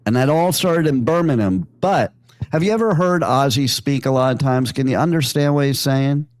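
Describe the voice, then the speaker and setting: A man hosting a radio show in the studio rambles through casual, joking stories full of fillers and asides. His mid-range voice is a little mellow and moves at a moderate pace, with slight background noise.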